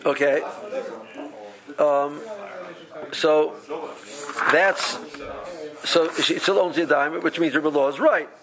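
Animated man teaching a Talmud class. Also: on the high side, slow pace, pauses often, crowd noise. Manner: animated, acts out the rabbis' voices, many restarts. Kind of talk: explaining a text to a study group.

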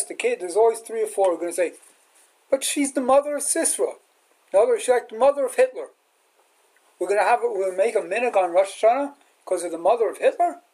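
Heard through poor audio, a high-voiced man delivers a sermon as a rabbi and teacher. He tells the story of a film scene, animatedly acting out its dialogue.

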